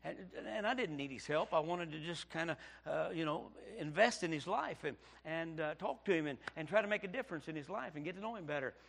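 A middle-aged male pastor, telling his story in a sermon, dropping to hushed tones and then bursting out loud. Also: a little high, expressive, brisk, gravelly, hardly any pauses. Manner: preaching with sudden loud outbursts and hushed storytelling. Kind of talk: sermon testimony.

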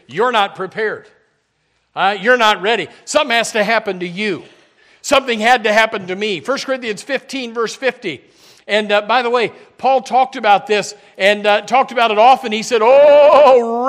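Folksy high-voiced preacher. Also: male voice, fairly bright tone. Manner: folksy and humorous, with repeated "amen" and rising emphasis. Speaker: pastor. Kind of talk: sermon.

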